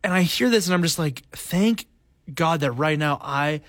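Canadian male podcast co-host, animated and goofy, wide-ranging pitch. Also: moderate pace, no echo, clean studio sound. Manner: animated, jokey, jumps into silly high voices. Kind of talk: casual podcast chat.

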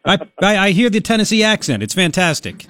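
A man's voice: sits high, big pitch swings, quick pace, a bit bright, no room sound. A man hosting a talk radio show, brash and joking, rambling in casual chat. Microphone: studio microphone.

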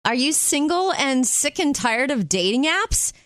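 A woman co-hosting a show, presenting light feel-good stories in an upbeat, lively way. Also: high-pitched, measured pace, no echo. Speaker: radio show co-host. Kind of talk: casual chat and news-story reading.

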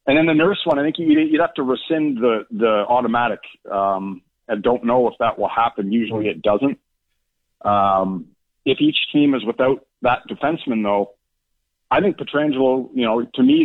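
A man's voice: medium pitch, creaky, dry recording. A man calling in as a hockey analytics analyst, explaining stats thoughtfully with hesitant restarts. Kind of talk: call-in sports analysis. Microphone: phone. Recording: phone line.

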